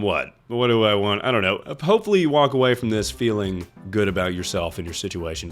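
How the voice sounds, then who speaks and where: Low-voiced joking male streamer. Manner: joking, mock-serious, rambling. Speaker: streamer giving mock therapy advice. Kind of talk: casual chat.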